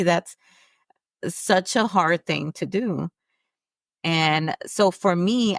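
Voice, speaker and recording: A woman's voice: fairly low pitch, fairly bright tone, no room sound. A woman hosting her own podcast, talking candidly and encouragingly, swearing casually and laughing often. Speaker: podcast host. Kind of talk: casual solo podcast monologue.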